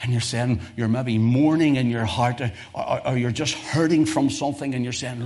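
A man preaching a sermon, moving from easy, conversational asides to loud, impassioned peaks and repeating phrases for emphasis. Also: medium pitch, moderate pace, few pauses. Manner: impassioned, swelling to loud fervent peaks then dropping to quiet asides.

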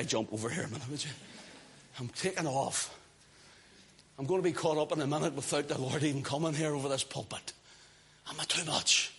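A man from the British Isles preaching a fiery sermon in a church, swinging from hushed talk to shouted praise. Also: a little high, slightly rough.

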